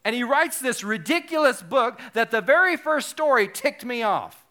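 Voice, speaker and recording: A male pastor giving a sermon, animated and joking, with self-deprecating asides. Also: extremely high pitch, normal speed.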